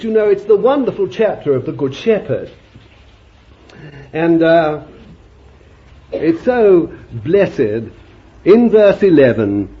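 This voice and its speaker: A man preaching a fervent sermon, emphatic and exclaiming, reading scripture aloud. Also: high voice. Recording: dull lo-fi recording.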